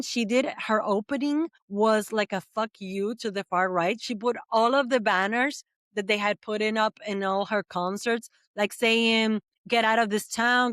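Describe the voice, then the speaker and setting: A woman from the Caribbean, a podcast guest, talking in quick, animated bursts full of fillers in casual chat. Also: medium pitch, clear, resonant tone, no room sound, clean studio sound.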